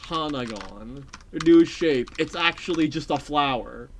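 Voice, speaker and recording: Rambling, excitable streamer with a lively pitch. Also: unhurried, a little hiss or hum. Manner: rambling and excitable, swears casually; talks to chat and repeats phrases. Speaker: game streamer. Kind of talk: casual live-stream chat while playing.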